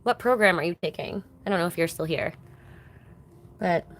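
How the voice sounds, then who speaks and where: A woman's voice: on the low side, normal speed, a little hiss or hum. A woman giving a casual live-stream card reading, chatting with viewers in an affectionate way. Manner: chatty and affectionate, chats with viewers and calls them baby. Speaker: tarot card reader.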